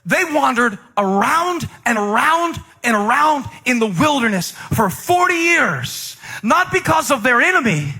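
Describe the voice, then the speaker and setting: A man's voice: very high-pitched, big pitch swings, a little slow, hardly any pauses, pushed and bright, breathy edge. A middle-aged male pastor preaching a sermon in a conversational way, joking with the congregation and breaking into emphatic surges. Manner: jokes with the congregation.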